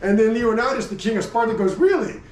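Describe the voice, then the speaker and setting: A middle-aged man chats through a casual gear review in a rambling, friendly way, often stopping to correct himself. His voice sits fairly high. The sound is roomy and comes from a distance, as if the camera is set back from him. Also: fairly even intonation, fast talker. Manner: rambling, chatty, self-correcting, laughs often. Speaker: motorcycle and gear vlogger. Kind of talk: casual product review chat.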